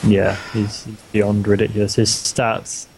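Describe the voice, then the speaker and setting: A man's voice: fairly low pitch, completely flat delivery, unhurried, gravelly, slight background noise. A young man casting a strategy game match in a casual, chatty way, often restarting his words. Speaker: esports caster.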